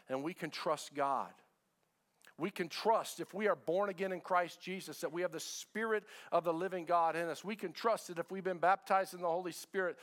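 A man's voice: on the high side, fairly bright tone. Man preaching a conversational sermon. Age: middle-aged. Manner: conversational preaching, repeats phrases, asks the congregation questions. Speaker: pastor. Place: church sanctuary with a congregation.

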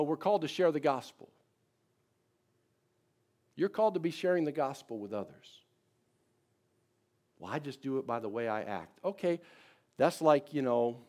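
A middle-aged male pastor with a slightly high voice preaches a sermon, swinging between loud, emphatic declarations and soft, quiet personal asides.

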